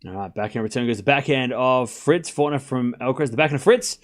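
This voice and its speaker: Loose and unscripted, with a little swearing, a young man calls tennis points on a casual live stream and wanders into jokey asides with his chat between rallies. He keeps an ordinary middle pitch and a quick pace.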